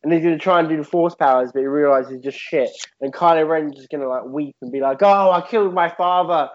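A man's voice: fairly high pitch, fairly even intonation, fast. A young man in rambling, comic chat that is full of "like". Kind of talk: casual comedic podcast chat. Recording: dull lo-fi audio.

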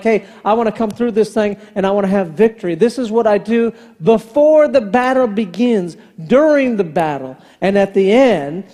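A man's voice: sits high, warm tone. A man in his fifties preaching a sermon as pastor, telling a family story and acting out the dialogue. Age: 50s. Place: large church hall. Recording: long hall reverb from the sanctuary.

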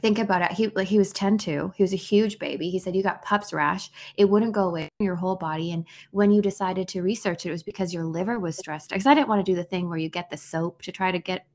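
Earnest low-voiced woman telling a story. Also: fast, few pauses, darkish tone. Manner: earnest, storytelling with many restarts. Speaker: podcast co-host. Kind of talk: casual heartfelt conversation.

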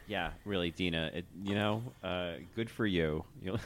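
A man's voice: low voice, normal speed, a bit bright. A man guesting on a podcast, joking with wry, amused banter. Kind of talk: casual chat.

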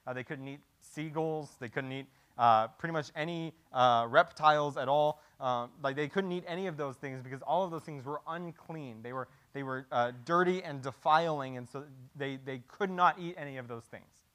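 A man's voice: on the high side, moderate pace, hardly any pauses, fairly bright tone. A man preaching a sermon in a conversational way, often restarting and repeating words and asking rhetorical questions. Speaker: pastor.

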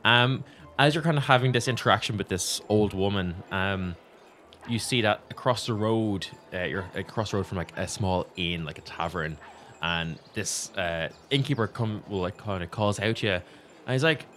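A man's voice: sits low, a little fast, a bit bright, slight background noise. A man narrating as game master of a tabletop game, casual and rambling with many fillers.

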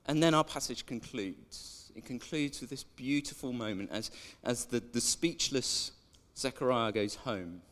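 A man's voice: medium pitch, measured pace, hardly any pauses, fairly bright tone. A man preaching a sermon in a chatty way, drawing in the congregation with questions. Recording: echoey church hall.

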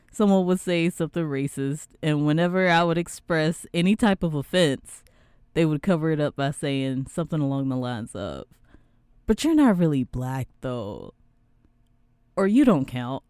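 A young woman from the American South hosting a casual podcast chat, animated and prone to mimicking other people's voices. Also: sits low, clean tone, no echo, clean studio sound. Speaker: podcast host.

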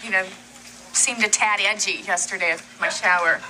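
A woman's voice: medium pitch, normal speed, heavy background noise, natural voice. Phoebe, a woman playing a blunt pregnant woman. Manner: offhand and blunt, with small laughs. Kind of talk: sitcom acting. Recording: sitcom clip with loud ambience.

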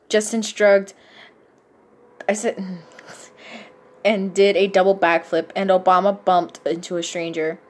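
A woman's voice: medium pitch, little pitch movement, unhurried, pauses often. Playful woman reading fanfic for laughs. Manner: playful, laughing, swears freely. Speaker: podcast co-host reading fanfic. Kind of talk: casual comedic reading.

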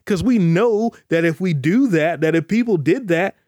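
Emphatic preacher man, warm dark voice. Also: animated, no room sound, clean studio sound. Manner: emphatic preaching, voices imagined questioners in a high pitch; slows down to stress scripture. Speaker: pastor. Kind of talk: podcast sermon.

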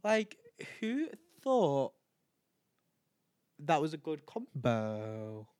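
A man's voice: on the high side, sing-song, extremely slow, a little mellow, clean tone, no room sound, clean studio sound. A tired, tipsy man rambling and swearing as he hosts his own chat show. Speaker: podcast host. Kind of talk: casual solo chat.

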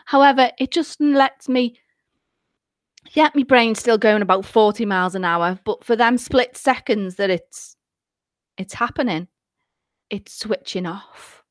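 A middle-aged woman, a celebrant and hypnotherapist, chatting as a guest in a lively, jokey way. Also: fairly high pitch, measured pace, no room sound, studio quality. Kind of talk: casual chat.

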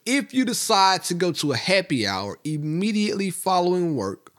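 A man co-hosting a podcast, bantering playfully with his wife and defending himself in an animated way. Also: high voice, moderate pace. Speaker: podcast co-host. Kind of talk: casual couple's banter.

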